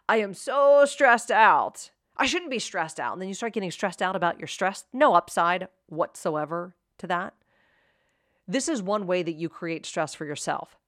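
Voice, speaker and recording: A woman's voice: medium pitch, a bit bright, no echo, studio quality. A woman hosting a motivational self-help talk, speaking straight to the listener with upbeat rhetorical questions.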